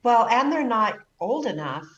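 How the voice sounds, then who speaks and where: A woman's voice: fairly high pitch, very animated, a little slow, far from the mic, lo-fi sound, crowd noise. A woman hosting a casual talk, reacting expressively with gasps and exclamations. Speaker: host. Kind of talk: casual chat. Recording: roomy echo.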